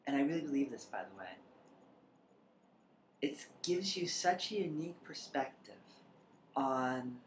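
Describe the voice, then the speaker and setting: A woman's voice: a bass voice, big pitch swings, measured pace, pauses often. A trans woman talking reflectively in a personal vlog, rambling at times and sometimes dropping to a near whisper. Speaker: vlogger. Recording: echoey room with faint background noise.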